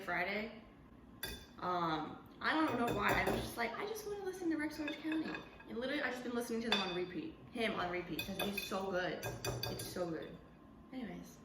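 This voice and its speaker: A woman's voice: medium pitch, roomy sound, very noisy. A teenage girl chatting casually while baking in her home kitchen, rambling and poking fun at herself. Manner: chatty, rambling, self-mocking. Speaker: vlogger. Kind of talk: casual baking vlog narration.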